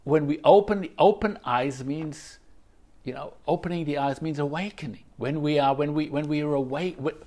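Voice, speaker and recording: A man's fairly high, mellow voice carries this reflective Zen dharma talk. As the teacher, he loops back over phrases and lets "you know" fill his pauses.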